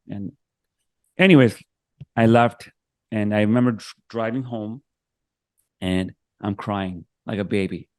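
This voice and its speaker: A man's voice: fairly low pitch, measured pace, long pauses, no room sound. A man speaking as a guest on a video-call interview, telling a personal story with emotion, acting out what others said, with frequent restarts. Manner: emotional, acts out quoted voices, frequent restarts.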